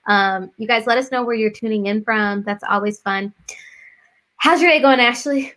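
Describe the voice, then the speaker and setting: A woman's voice: a little high, moderate pace, fairly bright tone. A bubbly woman, hosting a casual live-stream chat and greeting viewers. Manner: bubbly, keeps saying "y'all". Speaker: host.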